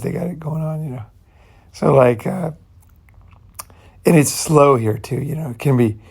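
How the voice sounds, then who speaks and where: A man's voice: medium pitch, creaky, darkish tone, breathy edge. A man hosting his own channel, talking in a loose, rambling way and leaning on "you know" and "right" while speaking bluntly and sometimes profanely. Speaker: channel host. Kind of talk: casual rambling monologue.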